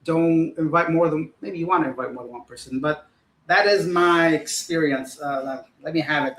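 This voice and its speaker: A man's voice: fairly high pitch, echoey room, poor audio. A young man casually telling a rambling, profane story to his livestream audience as host. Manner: rambling, profane, animated retelling.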